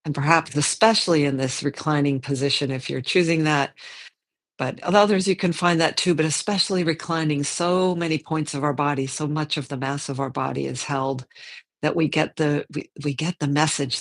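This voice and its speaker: Here a yoga teacher with a steady, medium-pitched tone leads slow movement and meditation. The delivery is soft and relaxed, punctuated by thinking aloud and small self-corrections.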